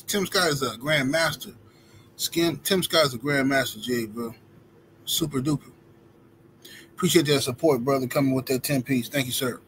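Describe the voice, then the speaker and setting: A man's voice: a little high, normal speed, fairly bright tone, slight background noise, low-quality recording. Slangy, rambling male livestream host. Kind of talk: casual storytelling and reading super chats.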